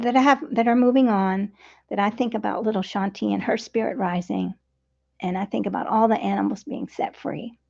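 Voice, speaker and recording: A woman's voice: mid-range voice, vocal fry, mellow, lo-fi sound. A woman in her fifties, a vegan coach, talking in an earnest, heartfelt, meandering way in a casual personal monologue. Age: 50s.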